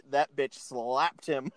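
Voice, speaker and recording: A man's voice: medium pitch, extremely slow. A man casually retelling a film scene by scene, laughing often and acting out the characters' lines. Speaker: podcast co-host recapping a film. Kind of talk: casual chat.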